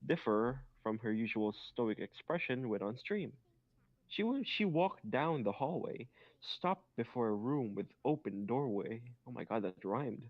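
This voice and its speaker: A man's voice: mid-range voice, lively intonation, measured pace, lo-fi sound. A man reading fan fiction aloud, stumbling on awkward grammar and making joking asides. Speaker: reader.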